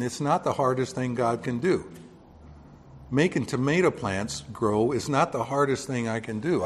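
A man teaching from scripture in a relaxed, conversational way, pausing on fillers and correcting himself. His voice sits at an ordinary middle pitch. The sound carries a long reverb, like a church hall. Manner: conversational, explains with homely examples, many fillers and self-corrections. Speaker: preacher. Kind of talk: Bible teaching sermon.

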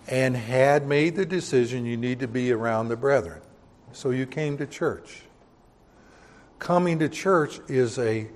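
An older man preaching a Bible-teaching sermon in a church, talking conversationally and asking the congregation rhetorical questions. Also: mid-range voice. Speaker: pastor.

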